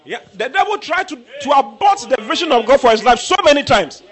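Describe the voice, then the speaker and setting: A man preaching a sermon with a bright, forceful tone. His pitch swings widely as he hammers his points home and repeats them. He bursts into shouts now and then. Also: very animated, brisk. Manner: emphatic, repetitive, bursts into shouting.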